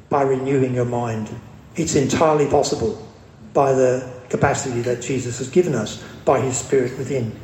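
Emphatic preacher in an echoey room. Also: male voice, a little high, a little mellow, a little hiss or hum. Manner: emphatic, with slow stressed quotes. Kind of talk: sermon.

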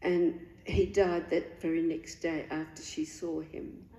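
An older woman telling a personal faith story in an earnest, halting way, with pauses and restarts. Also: low voice, level tone, dark tone. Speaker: guest sharing a faith testimony. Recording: echoey room.

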